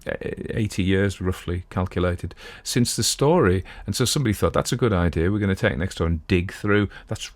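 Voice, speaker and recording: A middle-aged man with a very low voice hosts a podcast from his home. He talks in a loose, digressive, chatty way, wandering off on asides before returning to his point. The sound is dry and close, with no room echo. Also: darkish tone. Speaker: podcast host. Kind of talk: casual talk on classic literature.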